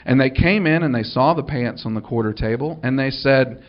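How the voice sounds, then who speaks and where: A man's voice: mid-range voice, moderate pace, hardly any pauses, muffled recording. A man, a minister telling a funny story to an audience in a dry, wry way, acting out the dialogue.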